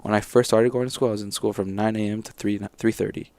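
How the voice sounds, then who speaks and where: A man's voice: fairly low pitch, flat delivery, fast talker, a little mellow, no room sound. A man telling his story casually as an interview guest, rambling and acting out what his teachers said. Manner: rambling, acts out teachers' lines.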